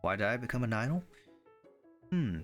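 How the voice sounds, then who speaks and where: A man reading the part of a poised young woman idol who speaks in a calm, measured way. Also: mid-range voice, faint music behind, lightly acted.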